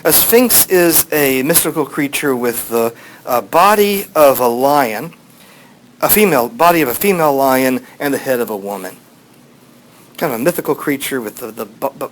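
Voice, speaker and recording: A medium-pitched man teaches a class, recorded in poor audio with a little hiss or hum. He tells an old story casually and ramblingly, with many fillers, acting out voices in quotes.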